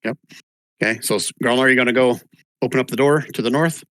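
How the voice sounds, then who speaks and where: A man's voice: medium pitch, steady tone, fast talker, a bit bright, dry recording. A man running a tabletop game session, narrating rooms loosely with fillers and calling for rolls. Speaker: game master.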